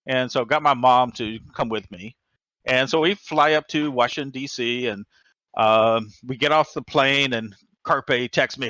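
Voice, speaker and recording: Lively, bright-voiced man telling a story. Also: medium pitch, a little slow, no echo. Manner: lively, excitable, with frequent fillers and restarts. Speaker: guest. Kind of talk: animated personal storytelling.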